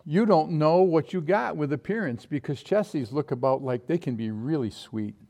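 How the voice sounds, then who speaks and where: A man preaching a sermon, telling personal stories in an animated way and acting out quotes with sudden jumps in his voice. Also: a little high, normal speed.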